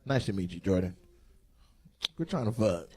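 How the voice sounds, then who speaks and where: A man's voice: sits low, moderate pace, warm tone. A male stand-up comedian doing crowd work on stage, brash, profane and teasing. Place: large comedy venue on stage.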